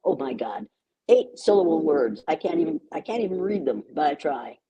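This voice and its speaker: A woman's voice: deep voice, lively intonation, moderate pace, mellow, slightly rough, low-quality recording. An older American woman speaking as an interview guest, emphatic and repeating words for stress. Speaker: guest educator. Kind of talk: conversational interview.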